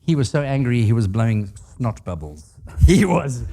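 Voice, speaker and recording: A man's voice: mid-range voice, animated, moderate pace, dark tone. An older man giving a leadership talk to a live audience, telling stories with humor and asking the audience questions. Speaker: guest speaker.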